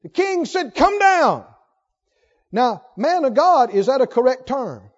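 A man's voice: very high voice, very animated, moderate pace. A man preaching a sermon who puts rhetorical questions to his congregation. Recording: long hall reverb, dull lo-fi sound.

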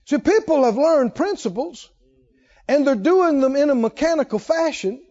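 A man preaching a sermon, telling a personal story that swings between hushed asides and emphatic points. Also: extremely high pitch, expressive, normal speed. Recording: dull lo-fi sound.

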